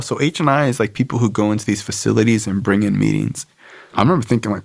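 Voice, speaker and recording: A man with a low, gravelly voice tells his story on a podcast. He talks loosely and swears freely, leans on fillers, and slips into quoted voices. The sound is dry and close. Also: fast, no echo. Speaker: podcast guest. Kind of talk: casual storytelling about recovery.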